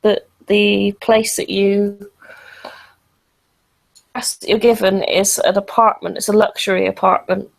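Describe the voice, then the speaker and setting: A woman's voice: mid-range voice, little pitch movement, a little slow, gravelly, long pauses, rough recording. A woman narrating a tabletop role-playing game as storyteller, hesitant and full of fillers.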